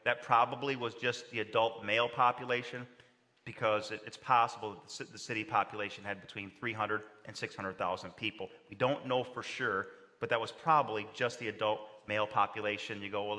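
A man preaching from the pulpit, his voice bright and tense, carrying over a long reverberant tail in a large hall. He delivers the sermon with animation, pitching up sharply whenever he voices the people he quotes. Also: flat delivery, brisk. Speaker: pastor.

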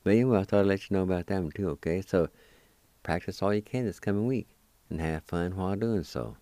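A man with a low, mellow voice leads a radio language lesson. He spells each word out letter by letter and repeats every pronunciation slowly and patiently. The sound is smooth and dry, close to the mic. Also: dry recording. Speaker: radio language teacher and host. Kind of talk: spelling and pronouncing words for learners.

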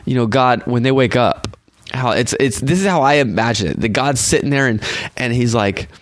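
Young male podcast host, animated, voice rises and falls a lot, dry close sound. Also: medium pitch, normal speed, no room sound. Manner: animated, acts out quoted voices. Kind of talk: casual faith talk.

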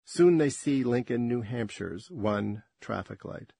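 A man narrates a story with slow, measured drama. His voice is husky and mid-pitched, and it sounds dry and close to the mic. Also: animated, mellow, dry recording. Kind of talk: audiobook-style story narration.

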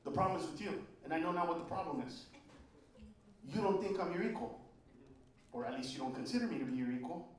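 A man from Honduras doing a brash, profane stand-up set, swinging between shouts and low mutters. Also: lively intonation, fast talker, pauses often, recorded from a distance. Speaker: stand-up comedian. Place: comedy club stage. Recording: roomy live club recording with crowd noise.

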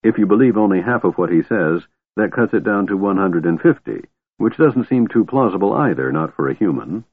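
A man's voice: on the low side, lively intonation, fairly quick, slightly rough. A man voicing a weary, wry half-elf who sounds dry and exasperated, read on a tinny, phone-like recording.

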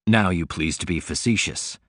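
A man reading an audiobook, voicing a stiff, formal older male lawyer, pitched a little lower. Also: normal speed, a bit bright, no room sound, studio quality.

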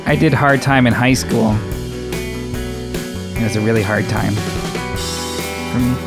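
A man's voice: mid-range voice, takes it slowly, loud music behind the voice. Mock-serious man hosting a parody show. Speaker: show host.

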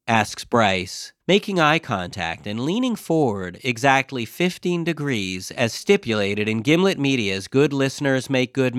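A man reading his own scripted comic diary as a podcast host, in a deadpan, dryly self-mocking way. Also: mid-range voice, clean tone, no room sound, studio quality.

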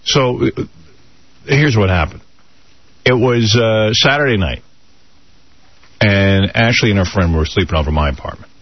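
A man telling a comic story on a radio talk show, animated and excitable, acting out every voice. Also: fairly low pitch, a little slow, pauses often, dry recording, dull audio.

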